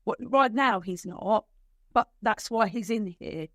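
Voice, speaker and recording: A middle-aged woman, a guest on a podcast, telling her story emotionally, with halting restarts. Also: mid-range voice, no echo, studio quality. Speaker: guest, bereaved mother. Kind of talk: podcast conversation.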